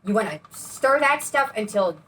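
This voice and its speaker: With a pushed, bright, sing-song voice of medium pitch at normal speed, a painting-channel co-host rambles bubbly as she shows how to pour paint. The mic is distant, and faint background noise can be heard.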